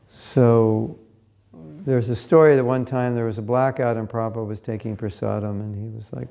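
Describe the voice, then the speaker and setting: A man's voice: medium pitch, fairly even intonation, brisk, vocal fry, dark tone. A man giving a scripture class in a conversational, storytelling way, sometimes turning to ask his listeners questions. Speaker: class speaker.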